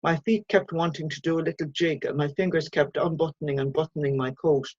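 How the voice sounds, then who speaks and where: Woman reading her short story out, steady pace, dull dry audio. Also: low-pitched, brisk, husky, no echo.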